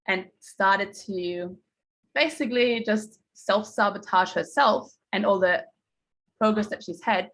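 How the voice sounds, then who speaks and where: A woman's voice: medium pitch, a little slow, fairly bright tone, low-quality recording. A woman mindset coach giving a casual talk to a group, telling stories in a chatty way and acting out what people said. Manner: chatty storytelling, acting out quotes.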